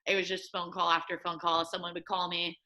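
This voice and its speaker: A young woman with a Midwestern accent, a podcast guest telling a lively story and acting out what people said. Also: a little fast. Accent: American Midwest. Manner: animated storyteller, acts out quotes with high excited pitch. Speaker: guest, assistant soccer coach. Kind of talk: casual storytelling interview.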